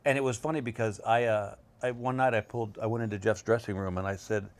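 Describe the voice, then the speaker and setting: A middle-aged male comedian chatting casually as a guest, telling rambling stories with a slow drawl and many restarts. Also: lowish voice, steady tone. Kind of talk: casual chat. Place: bedroom set.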